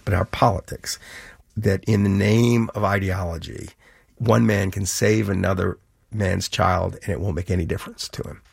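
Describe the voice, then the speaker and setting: Gravelly low-voiced man telling stories. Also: no room sound. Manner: animated storyteller, acts out quoted exchanges. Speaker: author and guest. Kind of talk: conversational interview.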